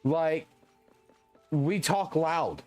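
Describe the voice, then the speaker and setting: A young man from Louisiana with a Southern accent, ranting loudly and profanely while chatting on a live stream. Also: a little high, extremely slow, faint music behind. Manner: loud, profane, energetic ranting. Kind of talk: casual ranting stream chat.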